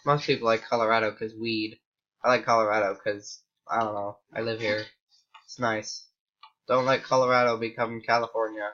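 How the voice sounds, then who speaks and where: A man's voice: fairly low pitch, little pitch movement, normal speed, pushed and bright, highs cut off. An American man giving casual, rambling commentary while playing a game. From United States. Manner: rambling, chatty tangents. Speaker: gaming YouTuber.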